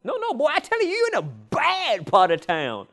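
A preacher voicing a gruff, menacing rural ringleader who drawls warnings in a thin, raised voice. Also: male voice, extremely high pitch, wildly swooping pitch, moderate pace, fairly bright tone, voice pushed up, full character voice. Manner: drawling, warning, calls listener "boy".

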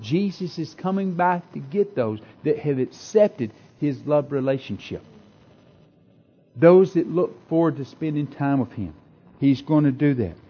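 A man preaching a sermon with passion, repeating phrases and swinging between loud declarations and hushed asides. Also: a little high, lively intonation, unhurried, husky, highs cut off.

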